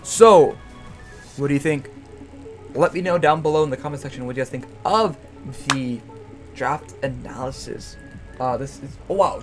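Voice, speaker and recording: A young man casually talking through his team picks, rambling and stumbling over repeated words with self-mocking jokes. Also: medium pitch. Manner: self-mocking, jokey asides. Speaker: YouTuber and league coach. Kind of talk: casual draft analysis commentary.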